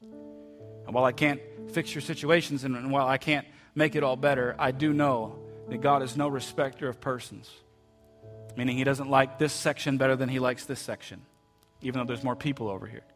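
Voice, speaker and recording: Male pastor mid-sermon in a church, heartfelt and halting, middle pitch, light music bed. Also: fairly even intonation. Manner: heartfelt, repeats words, soft quotes. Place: church sanctuary.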